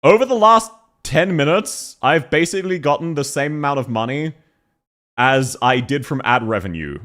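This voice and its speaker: Lively, chatty Australian man streaming. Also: a little high, moderate pace. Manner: chatty, self-deprecating, swears, laughs often. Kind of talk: casual live-stream chat.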